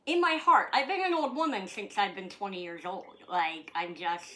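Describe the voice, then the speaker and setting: A woman's voice: medium pitch, moderate pace, sharp tone. A woman from Canada chatting casually in her vlog, talking to her dog and swearing freely. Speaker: vlogger. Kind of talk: casual chat.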